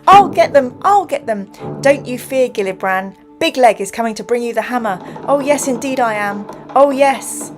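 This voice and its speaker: A woman voicing a delirious, dying old male dwarf who shouts frantic cries and then pleads in a low voice. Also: steady tone, normal speed, music in the background, close to an everyday voice.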